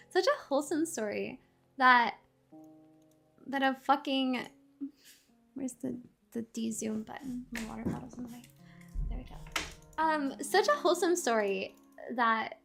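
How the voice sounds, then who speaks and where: A woman streamer in a casual live-stream rant, animated, swearing a lot and laughing often. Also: a little high, unhurried, long pauses, faint music behind. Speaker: VTuber streamer.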